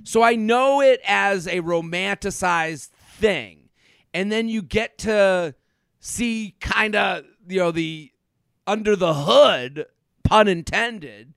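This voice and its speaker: High-voiced gravelly man telling stories. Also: slow pace, no echo, studio quality. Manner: animated storyteller, acts out quotes. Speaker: podcast co-host, comedian. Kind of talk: casual chat.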